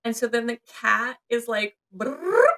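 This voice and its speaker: A woman's voice: medium pitch, normal speed, crowd noise. A young woman co-hosting a podcast, chatting casually and animatedly about a movie, acting out characters' lines. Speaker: podcast co-host.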